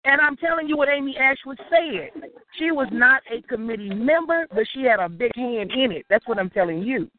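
A woman's voice: high voice, lively intonation, brisk. A woman on a reunion committee, arguing her points and repeating them in a heated phone meeting. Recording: tinny phone line with voices behind.

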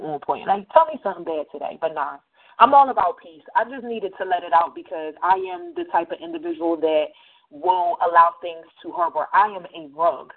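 Casting: chatty radio host woman, slangy storyteller, thin phone-like audio. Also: on the low side. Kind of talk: casual monologue. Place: New Jersey.

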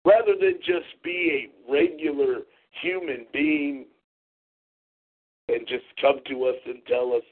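A man's voice: medium pitch, steady tone, slow. A man hosting a talk show, ranting in a profane, mocking, confrontational way. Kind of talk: angry call-in show rant. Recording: tinny phone-line audio.

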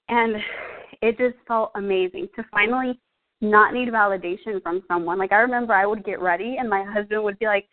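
A woman's voice: mid-range voice, brisk. A young woman sharing her personal story as a fitness coach, earnest and emotional, full of "like" and "um". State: out of breath. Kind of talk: personal testimonial. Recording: tinny phone-like audio.

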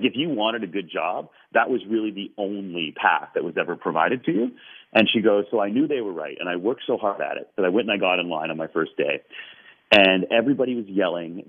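Low-voiced male guest spinning a story, thin phone-line audio. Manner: animated, quoting others at length. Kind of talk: telling a story in a radio interview. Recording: tinny phone-line radio sound.

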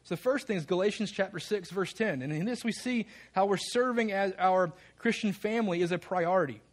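High-voiced man preaching a sermon. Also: a little fast. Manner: reads scripture aloud, pushes the congregation to respond. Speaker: pastor.

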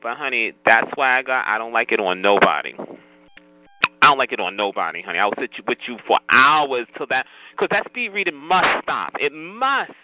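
A man's voice: medium pitch, very animated, normal speed, no room sound. Sassy man scolding over a tinny phone line. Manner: sassy, scolding, calls everyone honey. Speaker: chat line host. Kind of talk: casual phone chat line talk.

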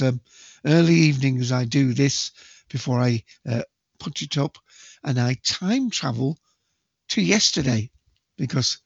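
Man, quiz host, husky, very slow, chatty, spells letters out, dry dull lo-fi sound. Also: on the high side, dry recording. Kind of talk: solo podcast quiz hosting.

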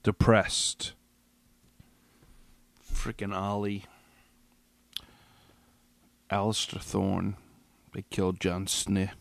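A man's voice: low-pitched, completely flat delivery, slow, gravelly, long pauses. A man hosting a podcast, reacting alone to a TV finale in an agitated, profane, rambling way with many restarts, a little tipsy. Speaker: podcast host. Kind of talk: solo episode reaction rant.

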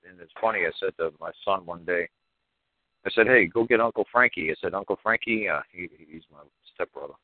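Deep, fast-talking New man, blunt. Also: no echo. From New York. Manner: blunt and profane, full of "you know". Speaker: podcast guest. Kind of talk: casual storytelling. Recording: dry tinny phone-like line.

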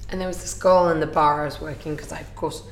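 A woman's voice: sits low, steady tone, quick pace, roomy sound, a little hiss or hum. A woman hosting a casual podcast chat, chatty and swearing casually. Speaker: podcast host.

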